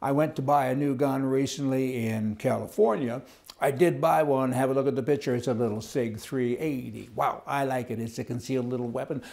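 A man's voice: mid-range voice, fairly even intonation, fairly quick, vocal fry, darkish tone. A man giving a blunt, rambling, opinionated monologue as a political commentator. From Canada. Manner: blunt, rambling, chuckles at his own points.

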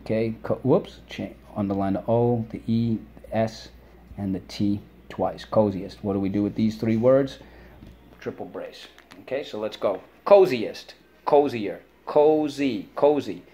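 A man's voice: on the low side, steady tone, dark tone, slight background noise. Upbeat man teaching a spelling lesson. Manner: upbeat, drills words syllable by syllable with pauses for repeating. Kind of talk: spelling and vocabulary lesson for children.

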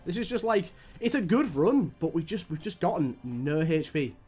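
A young man commentating his own gameplay on a live stream, his voice rising high and dropping low as he grumbles at the game. He swears freely and sounds worn down by bad luck. A faint music track runs behind him. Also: big pitch swings, moderate pace, darkish tone, breathy edge. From United Kingdom.

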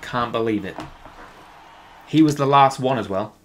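A man streaming live gameplay, reacting with excited, jokey commentary. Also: medium pitch, measured pace, slight background noise. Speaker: game streamer.

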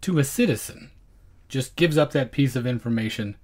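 A man's voice: medium pitch, moderate pace, a little mellow. A man co-hosting a film podcast, chatting casually with wry, dry jokes. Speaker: podcast co-host.

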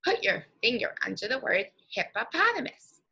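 A woman teacher leading a guided reading lesson for young children, speaking slowly and encouragingly and stretching out words. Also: a little high, big pitch swings, vocal fry, pushed and bright, slightly rough, low-quality recording.

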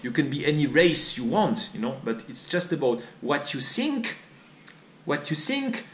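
French-accented man, fairly high voice, rhetorical vlog rant, reverberant room. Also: big pitch swings, measured pace, slight background noise. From France. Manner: repetitive, rhetorical questions, mimics others in high voice. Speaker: vlogger. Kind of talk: opinion monologue. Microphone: studio mic on boom arm.

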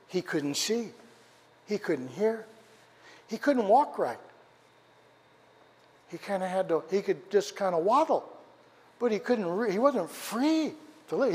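A man preaching a sermon as pastor, telling a story dramatically and asking the congregation questions, his voice rising for quoted shouts and dropping low for emphasis. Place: church sanctuary. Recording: church hall with long reverb.

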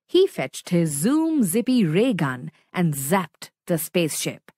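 A woman reading a children's story aloud in a slow, expressive storytelling manner. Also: lowish voice, dry recording, studio quality. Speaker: storybook reader.

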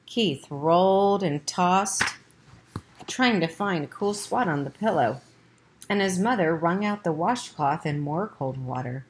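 A woman with a fairly low voice reads a children's chapter book aloud. Her narration is plain and steady, with the odd slip and restart of an amateur reader. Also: a little slow, a little hiss or hum. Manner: plain reading with small slips. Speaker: audiobook reader.

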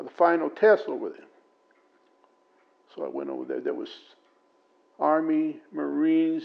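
An older man from Arizona telling memories in an oral history interview, in a plain, unhurried way with many pauses. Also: on the high side, creaky. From Prescott, Arizona. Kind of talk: recounting memories. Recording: dull lo-fi tape recording.

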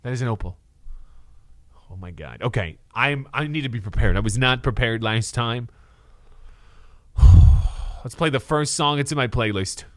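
Male streamer, bright ringing voice, animated and bouncy, swears, hypes up chat, faint music behind. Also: medium pitch, normal speed, pauses often, no room sound. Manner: loud, excitable, swears, talks to chat. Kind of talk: excited live-stream chatter.

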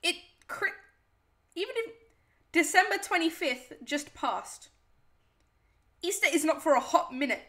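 A playful woman streamer with a high, bright voice. She chats casually, reads her viewers' messages aloud and answers them one by one. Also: expressive, a little slow, long pauses. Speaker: live streamer. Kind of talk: casual live-stream chat.

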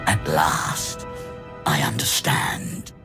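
An actor playing a cold, contemptuous ancient emperor in a video game, speaking slowly and mockingly. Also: male voice, music in the background. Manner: slow, mocking.

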